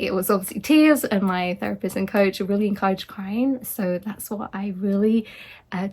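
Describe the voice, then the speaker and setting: Husky-voiced woman life coach. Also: mid-range voice, mellow. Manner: earnest, reassuring, acts out quoted voices. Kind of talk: casual motivational talk.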